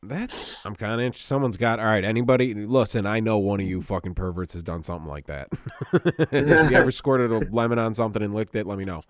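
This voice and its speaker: A man's voice: fairly low pitch, fast. A man co-hosting a podcast in casual, profane, joking banter. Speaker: podcast co-host. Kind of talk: casual chat.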